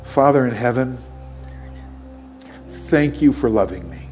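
A man's voice: medium pitch, animated, darkish tone, faint music behind. A middle-aged man preaching a sermon in earnest, leading a prayer and acting out Bible scenes. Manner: earnest, acts out Bible scenes in quick voices. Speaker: pastor. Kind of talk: sermon with altar call and prayer.

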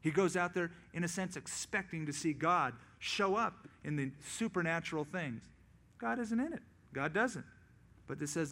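A male pastor preaching a sermon, acting out quoted voices in lively storytelling. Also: fairly high pitch.

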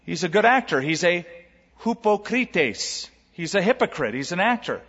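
A man preaches with animated emphasis, slowing down to stretch out key words and firing rhetorical questions at the congregation. His voice sits a little high for a man. It rings out in a long church-hall reverb on a dull, lo-fi recording. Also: slightly rough. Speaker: pastor. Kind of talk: sermon.

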